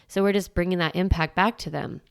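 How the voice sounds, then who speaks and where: A middle-aged woman hosting a parenting podcast, teaching in a chatty way full of "like" and quick restarts. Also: lowish voice, steady tone, vocal fry, clear, resonant tone. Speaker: parenting coach and podcast host. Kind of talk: casual solo podcast teaching.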